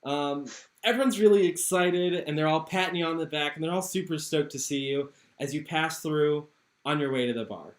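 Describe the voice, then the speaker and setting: A man's voice: a little high, normal speed, echoey room. A man narrating a tabletop game as game master in an easygoing way, on an online call. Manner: easygoing, many fillers.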